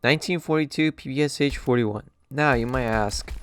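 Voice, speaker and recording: A man's voice: mid-range voice, normal speed, few pauses, a little hiss or hum. A man giving a jokey, sarcastic game review commentary over gameplay. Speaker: gaming channel host.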